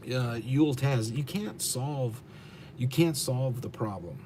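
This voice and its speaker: A man's voice: medium pitch, takes it slowly, noisy background. An American man, a truck driver streaming live, ranting bluntly and with profanity as he answers his chat, repeating his questions for emphasis. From United States. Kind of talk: livestream rant answering chat.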